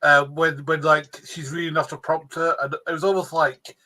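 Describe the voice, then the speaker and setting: A man co-hosting a casual review podcast, excitedly retelling scenes in a rush of words. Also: a little high, moderate pace, low-quality recording. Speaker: podcast co-host.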